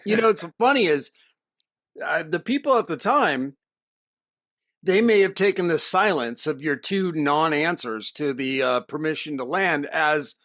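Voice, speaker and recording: A man's voice: on the high side, lively intonation, unhurried, fairly bright tone, no echo. Chatty male podcast co-host, dry sound. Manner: chatty, hesitant questions with um and uh. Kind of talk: casual interview questions.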